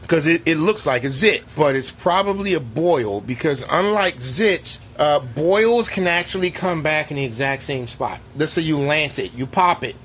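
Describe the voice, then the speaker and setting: A man casually reviewing a movie with a co-host, animated and profane, acting out scenes as he talks. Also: on the high side, moderate pace, hardly any pauses, a little hiss or hum. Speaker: podcast co-host. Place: movie theater.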